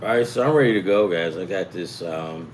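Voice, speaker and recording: A man's voice: sits low, a little fast, slight background noise, low-quality recording. A middle-aged man hosting a sports betting talk, rambling and profane, jumping from topic to topic. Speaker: sports betting show host. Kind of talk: rambling casual chat.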